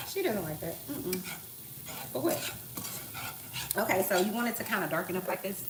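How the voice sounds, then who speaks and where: A woman's voice: fairly low pitch, background noise. A woman in her thirties chatting casually through a home cooking live stream, slangy and full of asides and rhetorical questions. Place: home kitchen. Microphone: tablet propped on the counter. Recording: echoey kitchen with cooking clatter. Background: clatter of pots, utensils and stirring.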